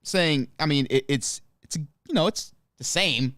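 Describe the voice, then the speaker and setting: A man's voice: on the high side, unhurried, a bit bright. Agreeable male podcast co-host. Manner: agreeable, short backchannel replies. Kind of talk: casual chat.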